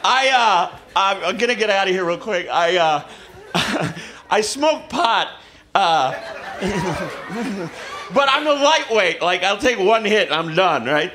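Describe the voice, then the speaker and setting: A man doing a stand-up comedy set, telling stories in a halting, awkward way with deadpan self-mockery. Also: high voice, a little hiss or hum. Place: comedy club stage with audience laughter.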